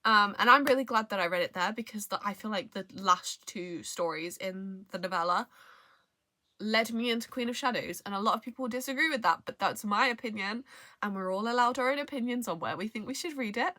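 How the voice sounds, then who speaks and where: Young female book vlogger, casual and rambling, bright voice, dry close sound. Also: medium pitch, brisk, dry recording. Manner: rambling, trails off, hesitant restarts. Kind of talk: casual book review chat.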